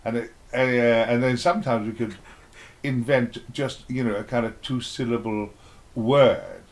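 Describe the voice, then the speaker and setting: A man's voice: mid-range voice, steady tone, unhurried. An older man, an actor being interviewed, reminiscing in a rambling, playful way and acting out little exchanges as he tells them.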